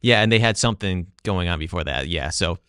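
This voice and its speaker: A man's voice: low voice, expressive, brisk, sharp tone, clear, resonant tone, no echo, clean studio sound. A man talking casually as a guest about his study, with many "like" and "you know" fillers. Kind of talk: casual political talk.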